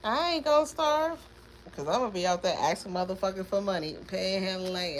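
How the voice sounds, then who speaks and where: Woman, tarot reader, casual live stream, rambling and emphatic, repeats words, lower-pitched, faint background noise. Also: fairly quick.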